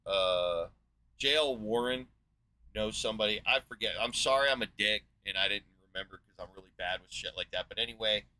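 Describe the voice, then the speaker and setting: A man in his forties from the United States, giving a profane, sarcastic and exasperated rant as a video host, rambling with filler pauses. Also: fairly low pitch, sharp tone, low-quality recording. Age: 40s. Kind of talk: ranting monologue.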